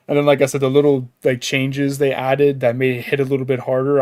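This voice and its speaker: A man's voice: medium pitch, steady tone, quick pace, hardly any pauses, darkish tone, no echo, studio quality. A man co-hosting a casual podcast, telling stories animatedly and laughing often. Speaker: podcast co-host. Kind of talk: casual chat.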